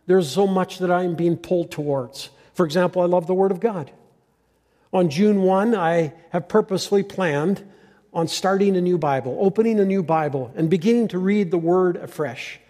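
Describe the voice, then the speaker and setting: An older male pastor gives an earnest farewell sermon in a fairly high voice with a dark, mellow tone. He often stops and restarts his thoughts. His words ring out with the long reverb of a church hall. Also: normal speed.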